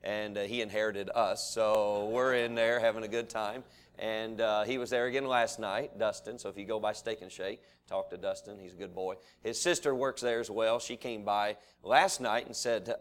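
A man's voice: medium pitch, a little fast. Folksy man preaching a sermon. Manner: folksy storytelling, rises to animated preaching.

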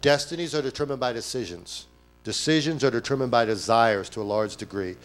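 A man preaching a sermon at a church service, animated, acting out quoted voices and firing off rhetorical questions. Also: mid-range voice, fairly quick. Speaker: pastor.

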